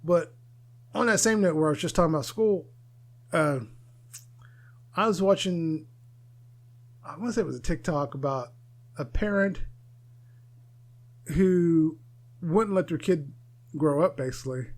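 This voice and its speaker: A man's voice: on the high side, a little slow, pauses often, darkish tone. Male podcaster, casual solo commentary, opinionated and digressive, light laughter. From United States. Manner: opinionated, rambling, laughs often. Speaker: podcast host.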